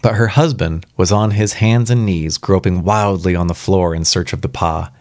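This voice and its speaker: A man's voice: sits low, steady tone, normal speed, darkish tone, no echo, studio quality. A man reading a spooky story aloud for the first time, casual and reacting aloud between passages. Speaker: reader.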